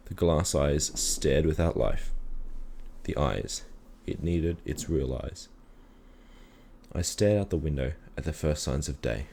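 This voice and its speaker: Very deep-voiced man reading a story. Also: creaky, slight background noise. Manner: calm, measured storytelling. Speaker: reader. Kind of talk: reading a children's story aloud.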